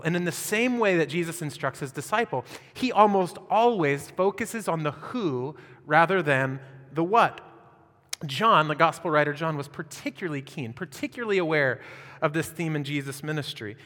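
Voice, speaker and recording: Animated male preacher in a reverberant hall. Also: on the high side, moderate pace. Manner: animated preaching with rhetorical questions. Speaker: pastor. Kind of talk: sermon.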